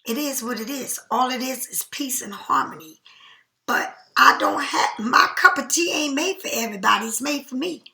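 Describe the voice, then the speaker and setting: Chatty high-voiced tarot reader woman. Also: moderate pace, gravelly, reverberant. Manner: chatty, animated, slangy. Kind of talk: casual tarot reading.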